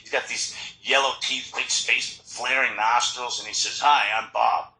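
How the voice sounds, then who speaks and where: Man telling his recovery story at a meeting, sharp bright tone, roomy hall sound. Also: medium pitch, normal speed. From Florida. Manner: storytelling, animated, frequent restarts. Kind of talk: personal recovery talk.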